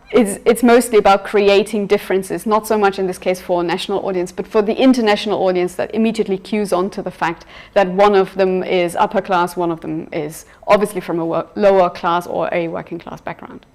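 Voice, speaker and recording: A woman teaching a university film seminar over a video call, talking conversationally with frequent fillers and self-corrections. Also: mid-range voice. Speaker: university lecturer. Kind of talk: seminar lecture with discussion.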